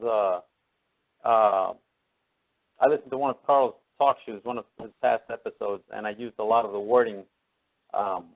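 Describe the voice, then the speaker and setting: Hesitant male caller on the phone. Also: mid-range voice. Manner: hesitant, full of fillers and false starts. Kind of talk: call-in radio conversation. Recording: tinny phone line.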